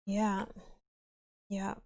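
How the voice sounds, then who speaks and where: A woman's voice: medium pitch, completely flat delivery, extremely slow, mellow. A Canadian woman hosting a live stream, chatting casually in short agreeing replies. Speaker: stream host painting miniatures.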